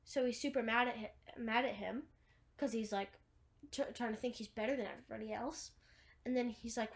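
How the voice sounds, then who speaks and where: A woman's voice: on the high side, fairly even intonation, fairly quick, vocal fry. A woman retelling a film scene by scene in a rambling, casual way, full of "like" and restarts. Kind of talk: casual movie recap.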